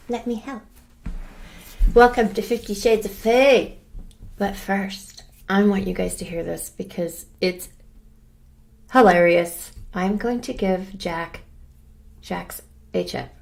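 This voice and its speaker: A woman hosts her own channel in a loose, chatty way, drifting between asides and her topic. Her voice has a gravelly, fry-heavy edge, and it sits at an ordinary middle pitch for a woman. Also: darkish tone. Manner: chatty and rambling, fussing over her dog between topics. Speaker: true crime channel host. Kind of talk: casual chat to viewers.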